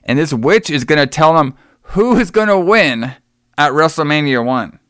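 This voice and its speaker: A man's voice: a little high, expressive, moderate pace, a bit bright, dry recording, clean studio sound. Rambling laid-back male podcast host. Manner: rambling, laughing, swearing. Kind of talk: casual chat, retelling a show.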